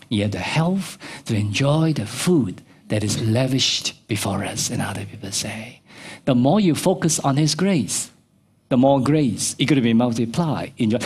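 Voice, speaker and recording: A middle-aged man preaching a sermon as pastor, swinging between soft low asides and high emphatic peaks. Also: husky. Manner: animated preaching, pitch jumping from low to high. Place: church.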